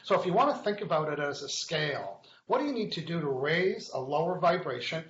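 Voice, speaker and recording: A playful man hosts a live web show, joking and reading out viewer comments between teaching points. His voice sits a bit high for a man. The sound is echoey and a little dull, like a lo-fi webcast. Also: lively intonation, a little fast, fairly bright tone. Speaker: host of a weekly live online show. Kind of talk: casual live-stream chat and teaching.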